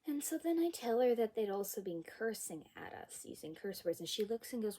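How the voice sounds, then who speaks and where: A young woman telling a personal story from school in a vlog, expressive and emphatic, with occasional whispered asides. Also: mid-range voice, brisk, hardly any pauses, slight background noise.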